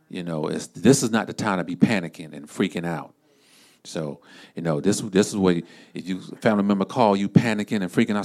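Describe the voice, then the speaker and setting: A man with a very low voice gives an encouraging sermon. He speaks in a relaxed, conversational way, repeating phrases and filling pauses with "um" and "you know.".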